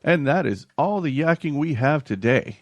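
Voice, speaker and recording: A man's voice: fairly high pitch, expressive, normal speed, dry recording. Joking male podcast host, dry sound. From North Carolina. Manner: loose, joking, with frequent restarts. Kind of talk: casual podcast chat.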